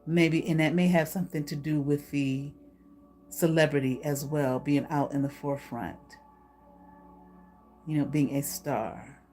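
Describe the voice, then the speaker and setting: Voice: medium pitch, a little mellow. A tarot reader giving a casual, spoken reading, emphatic and blunt, tagging lines with a repeated "okay?" and swearing freely.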